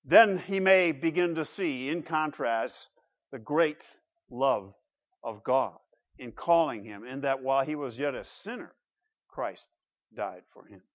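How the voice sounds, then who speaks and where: A man preaching an expository sermon, animated and emphatic, with rhetorical questions and repeated phrases. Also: medium pitch, a little slow, highs cut off. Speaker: pastor.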